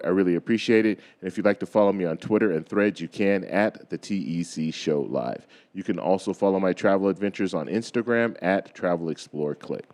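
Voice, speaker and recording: A man hosting a finance video channel, losing his voice, explaining things casually to viewers and often checking in with a quick "okay?". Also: low voice, a little mellow. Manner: repeats himself, frequent "okay?" check-ins. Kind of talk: casual explainer talk to camera.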